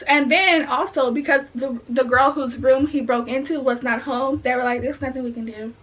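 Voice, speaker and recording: High-voiced young woman telling a story. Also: normal speed. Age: young adult. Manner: animated, indignant storytelling. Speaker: vlogger. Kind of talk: casual storytime. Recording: dull lo-fi audio.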